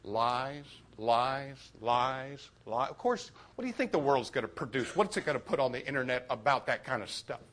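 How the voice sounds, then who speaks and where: A man preaching a youth sermon, moving from quiet confiding to sudden shouted emphasis. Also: medium pitch, expressive, normal speed.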